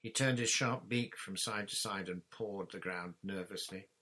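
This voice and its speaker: Low, husky male storybook reader. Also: moderate pace, bright, forceful tone. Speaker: audiobook reader. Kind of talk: storybook narration.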